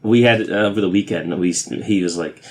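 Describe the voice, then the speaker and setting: Brief: male podcast guest, lowish voice, relaxed and easygoing. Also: a little fast. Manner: relaxed, easygoing, laughs along. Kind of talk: casual chat.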